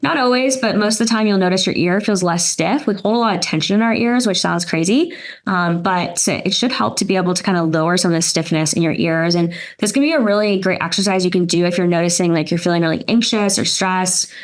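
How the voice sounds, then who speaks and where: A woman presenting a nutrition workshop, gently talking listeners through an exercise step by step with casual fillers. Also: fairly low pitch, fairly quick. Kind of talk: guided exercise instruction.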